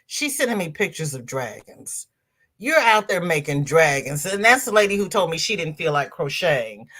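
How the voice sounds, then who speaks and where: A middle-aged woman hosting a casual crafting livestream and reading viewer comments aloud. She is effusive and affectionate, calls viewers "girl" and "honey", laughs often and jumps high in pitch when excited. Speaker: livestream host of a crochet show.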